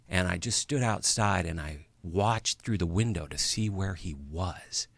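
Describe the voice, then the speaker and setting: About fifty years old, this man is an interview guest sharing a personal story in fits and starts, with pauses, restarts and audible emotion. His voice sits low and creaky in a dry recording.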